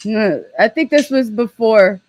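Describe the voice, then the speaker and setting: A woman's voice: a little high, measured pace, a little mellow, a little hiss or hum. A woman hosting, making sarcastic, amused asides while reacting to a clip. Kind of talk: reaction commentary.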